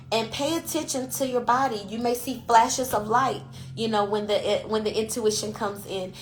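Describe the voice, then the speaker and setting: A woman podcast host and intuitive coach talking in a casual, emphatic monologue, often tagging "you know" onto her points. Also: fairly high pitch. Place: IG Live recording.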